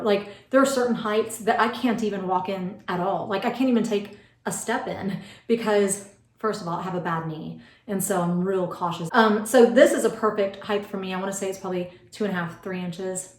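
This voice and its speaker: This beauty vlog features an American woman in her forties with a darkish, mid-range voice, casually rambling through tips with fillers and asides. Her mic is some distance away, so the sound is roomy.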